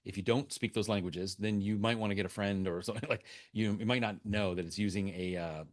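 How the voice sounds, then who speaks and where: A man's voice: fairly low pitch, fairly even intonation, brisk. A man answering questions as a webinar guest speaker, talking off the cuff with many restarts and fillers.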